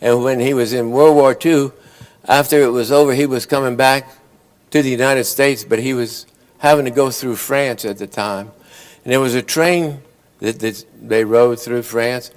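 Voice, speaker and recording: A man tells long, rambling jokes at a conference awards ceremony. His voice sits at an ordinary middle pitch, and he slips briefly into his characters' lines as he goes. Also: fairly even intonation, normal speed, clear, resonant tone. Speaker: after-dinner joke teller. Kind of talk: folksy joke telling.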